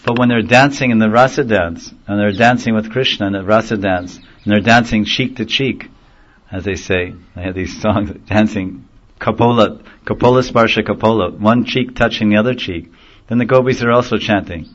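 A man teaching a devotional sermon in a gentle storytelling manner, chuckling now and then at his own jokes. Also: lowish voice, moderate pace. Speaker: spiritual teacher. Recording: dull lo-fi recording.

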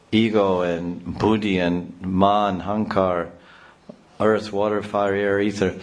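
A man giving a devotional spiritual talk, rambling and animated, often sounding out syllables and everyday noises as he explains. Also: lowish voice. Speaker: spiritual teacher. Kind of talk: devotional discourse.

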